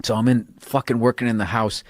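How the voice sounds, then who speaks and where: A man's voice: medium pitch, level tone, brisk, no echo, studio quality. A man in casual podcast chat, telling profane stories and laughing as he goes.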